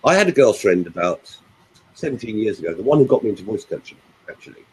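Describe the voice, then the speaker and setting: A voice coach with a fairly low, slightly husky male voice. He talks in a lively, storytelling way, and his pitch rises and falls a great deal as he explains his points. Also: fast talker, low-quality recording. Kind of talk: animated storytelling and coaching talk.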